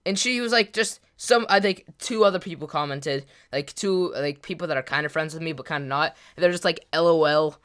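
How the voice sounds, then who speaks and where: A teenage boy casually telling a personal story for a video, jumping between loud exclamations and low mumbling. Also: fairly quick, hardly any pauses, clean tone. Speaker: gaming video creator.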